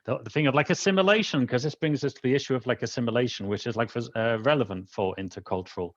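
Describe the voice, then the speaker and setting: A man's voice: medium pitch, fast, fairly bright tone, dry recording. A man hosting a casual conversation, rambling with many fillers over dull video-call audio. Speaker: host.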